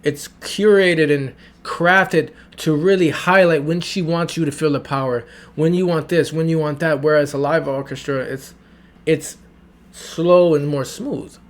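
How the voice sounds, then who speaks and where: Guy hyped up reviewing an album, slightly high voice, keeps repeating how much he loves it. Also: steady tone, unhurried. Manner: enthusiastic, repeats phrases, sings along. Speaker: music reviewer. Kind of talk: casual reaction review.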